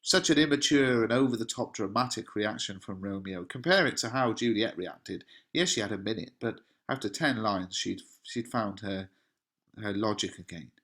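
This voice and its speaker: A man's voice: lowish voice, lively intonation, moderate pace, a bit bright. Man explaining a play, casual teacher. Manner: conversational paraphrasing with fillers. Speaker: English teacher. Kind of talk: explaining a play in a revision lesson.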